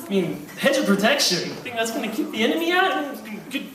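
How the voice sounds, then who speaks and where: A man's voice: extremely high pitch, very animated, fast talker, hardly any pauses, a crowd in the background. A young man doing a stand-up routine at a church Christmas party, rambling and poking fun at himself, recorded by a far-off camera. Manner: rambling, self-mocking, playful. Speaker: stand-up comedian. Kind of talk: stand-up comedy. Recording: echoey room from far off.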